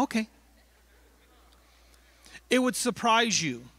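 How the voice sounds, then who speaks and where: Bright-voiced preacher telling lively stories. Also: male voice, sits high, no room sound. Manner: animated storytelling, acting out little dialogues. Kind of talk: sermon. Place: church.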